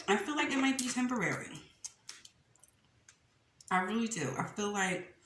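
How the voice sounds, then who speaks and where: A young woman talks and eats through a mukbang, her pitch swinging up and down as she chats. She laughs often and keeps calling her viewers "y'all." The sound has a roomy echo and a faint hiss of noise. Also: fairly bright tone. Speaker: mukbang host. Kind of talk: casual chat while eating on camera. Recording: echoey room with faint noise.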